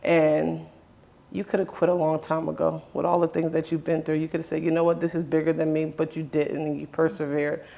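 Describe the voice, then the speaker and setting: A man's voice: a little high, monotone, fairly quick, gravelly, warm tone. A man hosting a conversation, earnestly telling a personal story in his own words and often quoting what others said to him. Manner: earnest, with many restarts and quoted dialogue. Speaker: host.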